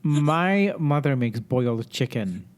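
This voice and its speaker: A man co-hosting a podcast, reacting slowly and dryly in casual chat. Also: mid-range voice, sing-song, very noisy. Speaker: podcast co-host.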